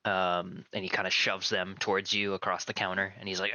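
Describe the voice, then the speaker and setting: Bright-voiced man running a tabletop game. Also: low-pitched, a little fast, hardly any pauses, no room sound. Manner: descriptive, relaxed, filler-heavy narration. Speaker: game master.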